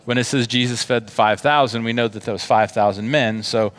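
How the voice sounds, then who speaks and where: A man's voice: mid-range voice, fairly even intonation, fairly quick, fairly bright tone. A man telling a Bible story to children in a casual, slangy way, acting out the quotes. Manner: chatty, slangy, acts out quotes. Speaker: children's ministry teacher.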